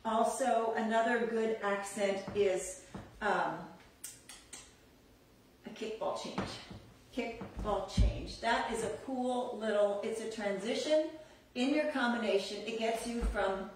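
A woman's voice: fairly high pitch, measured pace, heavy reverb, far from the mic, slight background noise, rough recording. A woman teaching a belly dance class, chatty and upbeat, laughing often. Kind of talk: live online dance class.

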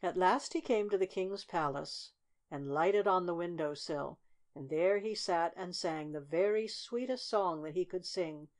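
A woman narrating a fairy tale audiobook in a steady, measured storytelling manner. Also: on the low side.

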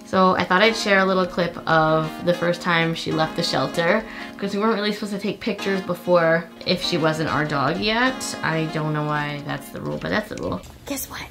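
A woman's voice: lowish voice, normal speed, vocal fry, over music. A young woman, vlogging chattily and cheerfully to camera from her home. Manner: chatty and upbeat, with laughs. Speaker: pet vlogger host. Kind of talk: casual vlog talk to camera.

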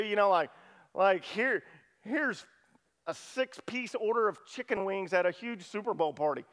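Animated high-voiced male preacher. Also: measured pace. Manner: animated storytelling, acting out disciples' lines, swings loud to hushed. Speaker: pastor. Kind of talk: sermon.

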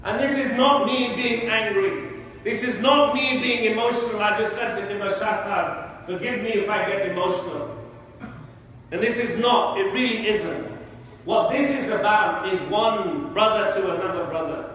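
A man preaching with fervent, emotional force, his voice sitting very high for a man. He is picked up from far off, so the words ring through a long, echoey mosque hall. A faint hiss runs underneath. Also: normal speed, fairly bright tone. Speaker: imam delivering a sermon. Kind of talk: sermon. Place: large mosque prayer hall.

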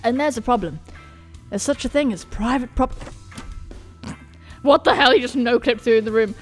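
A woman's voice: a little high, brisk, faint music behind. A young woman casually commenting while playing a video game, playful and giggly. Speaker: gaming video host. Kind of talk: casual let's-play commentary.

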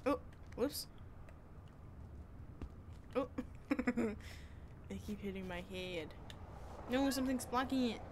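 A woman's voice: a little high, slow pace, pauses often, a little mellow, slight background noise. A young woman casually commenting on a game as she plays, playful and chatty with sing-song bits. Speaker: gaming streamer.

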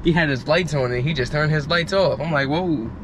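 A man's voice: a little high, a little fast, background noise. A young man vlogging from a car, telling loose, slangy, rambling stories in casual chat. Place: parked car outdoors.

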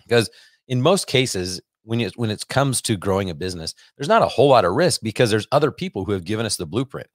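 A man's voice: fairly low pitch, very animated, fast, dry recording, clean studio sound. A man hosting a business podcast, talking casually and energetically, often repeating himself. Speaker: podcast host and business coach. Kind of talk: casual monologue.

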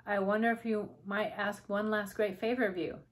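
A woman's voice: medium pitch, fairly even intonation, moderate pace, close to an everyday voice. A woman voicing a gracious little doll queen. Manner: gracious, refined speech. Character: tiny spirited doll queen, gracious and brisk.

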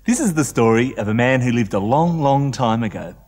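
A man telling a story to children in an animated, inviting way, doing animal sounds. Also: medium pitch, fairly quick, husky. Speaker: children's entertainer.

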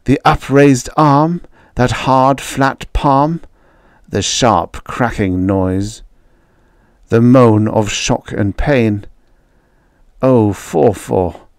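A man narrating a dark vintage short story in the first person, reading slowly and in a brooding, emotional way. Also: medium pitch, no room sound, studio quality. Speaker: audiobook narrator.

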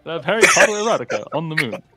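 Man, bright tone, animated pitch, jokey, reading game cards aloud. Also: very fast, faint music behind. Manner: jokey, laughs a lot, reads cards aloud. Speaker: player. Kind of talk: casual game-night chat.

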